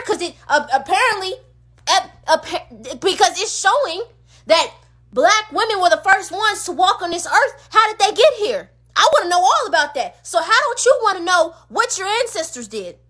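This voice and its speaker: A woman's voice: very high-pitched, lively intonation, moderate pace, a bit bright. A woman on a phone livestream, delivering an impassioned rant full of emphatic, repeated rhetorical questions. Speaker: streamer.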